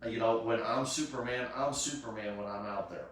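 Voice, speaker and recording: A man's voice: medium pitch, moderate pace, a bit bright. Rambling man in an echoey room. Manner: rambling, many fillers and restarts. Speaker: charity cosplay event host. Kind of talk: casual live-stream chat. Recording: echoey room, distant mic.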